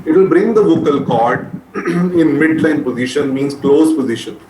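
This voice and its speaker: A man with an Indian English accent teaching medical students, dictating notes slowly and repeating each point, often calling them beta. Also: on the high side. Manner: repetitive, addresses listeners as beta. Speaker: medical lecturer. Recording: echoey room with faint noise.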